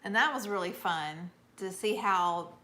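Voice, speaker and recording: A woman's voice: mid-range voice, a little slow, bright, forceful tone. A middle-aged woman from Northeast Georgia with a Georgia accent, hosting a casual livestream and reading viewer comments, chatty and laughing often. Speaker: livestream host.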